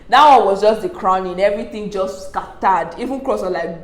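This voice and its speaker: A woman's voice: mid-range voice, normal speed. A young Nigerian woman chatting casually as she recaps reality show drama, acting out what people said and laughing often. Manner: animated, quotes people in lively asides, laughs often. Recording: echoey room.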